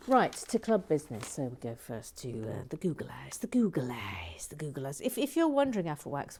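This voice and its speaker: A woman's voice: on the low side, warm tone, slight background noise. A woman hosting a casual building vlog, chatty and cheerful, greeting viewers by name with plenty of ums and uhs. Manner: chatty and cheerful, reading out viewer comments, many fillers. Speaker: host.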